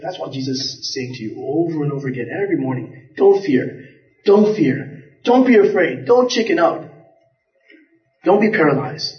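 A man preaching in a church, his slightly high voice telling stories with earnest repetition. The sound is roomy and echoing, picked up from some distance with a dull, muffled tone. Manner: earnest storytelling preacher, repeats words and restarts. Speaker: pastor. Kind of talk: sermon.

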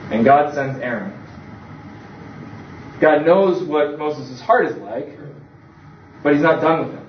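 A man delivers a sermon, telling it like a story and acting out the voices in the quotes. His voice sits a little high. He is recorded from a distance in an echoey room, and the sound is a bit dull. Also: slow, a little hiss or hum. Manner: conversational storytelling with acted quotes. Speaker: preacher.

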